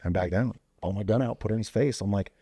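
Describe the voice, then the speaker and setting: Quick-paced and on the low side, this man's dark voice carries a breathy edge as he tells a casual story as a podcast guest; he's a veteran and former police officer. His manner is loose, heavy on fillers like "you know" and "like," with quoted dialogue acted out through sudden voice jumps. The recording is dry and clean, studio grade.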